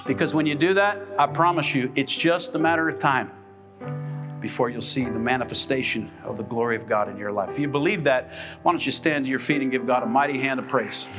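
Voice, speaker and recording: In a church sanctuary, a pastor with a medium-pitched voice preaches briskly over background music. He is emphatic and keeps calling out questions for the congregation to answer.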